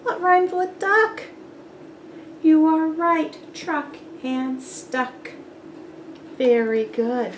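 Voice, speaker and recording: Woman reading to kids, very slow and patient, lively sing-song pitch, quizzes rhymes. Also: slight background noise. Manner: patient, praising, asks questions. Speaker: storybook reader. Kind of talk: children's read-aloud with rhyming quiz.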